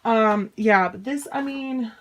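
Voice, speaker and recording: A woman's voice: on the high side, slow pace, a little hiss or hum. A young woman in a casual home unboxing vlog, chatty and exasperated, swearing and laughing things off. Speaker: vlogger.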